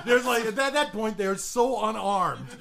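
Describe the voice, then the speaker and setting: A man's voice: high-pitched, moderate pace, vocal fry, crowd noise. A man joking along with friends in casual chat. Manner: joking, animated reactions.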